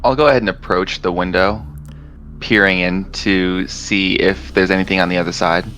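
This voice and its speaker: A man playing a tabletop role-playing game, calmly describing his character's actions and answering in character. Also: sits low, moderate pace, a little hiss or hum. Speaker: player.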